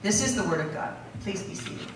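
A woman reads a passage of scripture aloud to a congregation, measured and formal. Her voice rings through a large, echoey hall and sounds far from the microphone. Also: mid-range voice, animated, slight background noise. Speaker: scripture reader. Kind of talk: reading scripture aloud in church.

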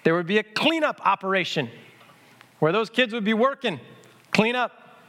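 A man's voice: sits high, lively intonation, moderate pace, sharp tone. A middle-aged male pastor giving a conversational sermon, acting out quotes and leading the congregation in responses. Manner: conversational preaching with acted quotes and audience prompts.

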